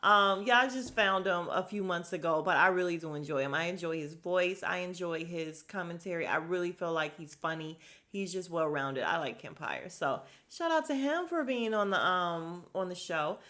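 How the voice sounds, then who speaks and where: Bright-voiced woman doing a chatty recap. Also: fairly low pitch, normal speed, few pauses. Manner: animated, swings between hushed retelling and loud outbursts; blunt and profane, laughs often. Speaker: reality TV recap commentator. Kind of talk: casual recap chat.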